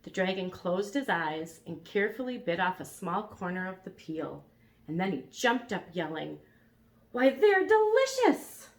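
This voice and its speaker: Woman calmly reading a storybook. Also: fairly low pitch, normal speed. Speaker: reader.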